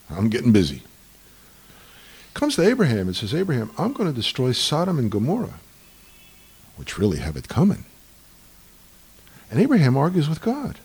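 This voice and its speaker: A man talking in a lively, argumentative way about tradition, acting out the voices in the stories he tells. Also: medium pitch, husky. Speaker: speaker on Jewish tradition. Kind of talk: animated conversational storytelling.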